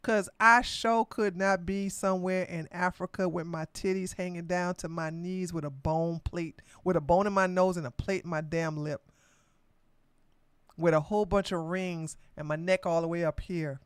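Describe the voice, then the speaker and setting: A woman hosting a political commentary podcast, talking loudly and emphatically with blunt slang and frequent laughter. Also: on the low side, steady tone, moderate pace, clean tone, dry recording. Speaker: podcast host.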